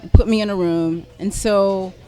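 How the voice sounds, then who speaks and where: A middle-aged woman telling a personal story as a podcast guest, animated and self-deprecating, laughing often as she talks. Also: mid-range voice, normal speed. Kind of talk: conversational storytelling.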